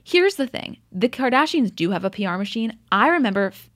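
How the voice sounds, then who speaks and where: A woman's voice: a little high, big pitch swings, a little fast, no echo, studio quality. A woman co-hosting a podcast, chatting casually as she recaps a reality show and acts out quotes with swearing. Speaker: podcast co-host.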